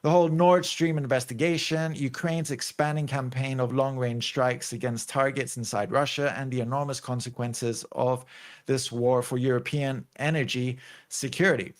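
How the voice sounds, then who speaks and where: A man's voice: mid-range voice, steady tone, normal speed. A man hosting a show, talking in casual commentary and reaction, rambling with lots of likes and restarts. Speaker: host.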